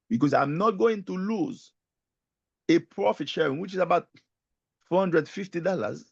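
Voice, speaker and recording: A man speaking as an emphatic, animated guest speaker, his fairly high voice carrying a gravelly rasp. The sound is dry and close, though the audio comes across dull and lo-fi. He delivers a motivational sales talk with lively storytelling. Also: no room sound. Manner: emphatic, animated storytelling, keeps addressing the host by name.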